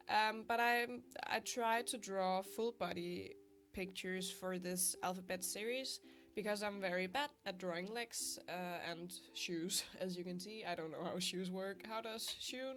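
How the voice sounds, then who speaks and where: Sick young woman chatting over guitar. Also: medium pitch. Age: young adult. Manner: chatty, self-deprecating, laughs often. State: sick, congested voice. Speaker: art vlogger. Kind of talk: casual voice-over while drawing. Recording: faint guitar music behind. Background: soft guitar music.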